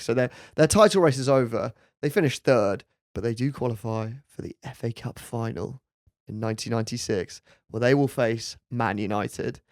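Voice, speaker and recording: A man hosting a podcast, telling a story in a relaxed, chatty way with laughing asides. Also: medium pitch, no room sound, studio quality. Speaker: podcast host. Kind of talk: casual storytelling chat.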